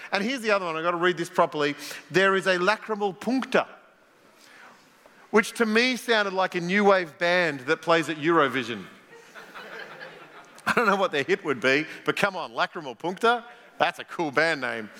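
A middle-aged man preaching with a bright, forceful edge and a slightly higher voice. He jokes and tosses questions at the congregation, and his words ring out through the long echo of a large church hall. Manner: playful, jokey, quizzes the congregation. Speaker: pastor. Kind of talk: conversational sermon.

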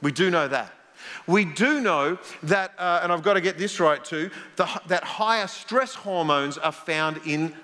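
A middle-aged man preaching with a bright, forceful edge and a slightly higher voice. He jokes and tosses questions at the congregation, and his words ring out through the long echo of a large church hall. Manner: playful, jokey, quizzes the congregation. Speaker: pastor. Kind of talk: conversational sermon.

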